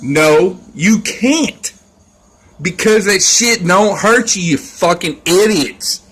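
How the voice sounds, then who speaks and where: A man's voice: high voice, animated, takes it slowly, a bit bright, slightly rough. A man ranting in a casual vlog, rambling and scornful, swearing constantly. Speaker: vlogger.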